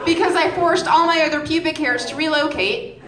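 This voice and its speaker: A woman in her twenties from Massachusetts doing a stand-up set on a music hall stage, with deadpan delivery and stammering restarts. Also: high-pitched, brisk, very noisy. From Massachusetts, outside Boston. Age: 20s. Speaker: stand-up comedian opening act. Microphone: stage microphone. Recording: echoey club recording with loud crowd. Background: audience laughing.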